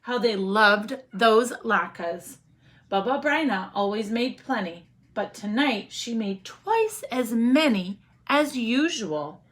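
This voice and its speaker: A woman teacher reads a picture book aloud to young children, often pausing to ask them questions. Her voice is bright and lively, swooping up and down, and she reads at a slow, careful pace. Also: fairly high pitch. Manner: expressive, asks the listening children questions.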